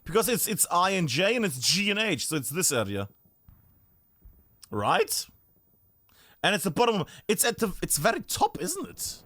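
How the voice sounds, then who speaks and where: A man's voice: high-pitched, huge pitch swings, normal speed, pauses often, sharp tone, no echo. A man streaming a game live, chatting and thinking aloud as he looks around a map, often breaking off mid-sentence.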